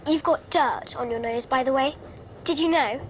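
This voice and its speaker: An actress playing a brisk, bossy know-it-all schoolgirl witch with a British English accent and an officious manner. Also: high-pitched, natural voice. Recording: noisy film clip played back.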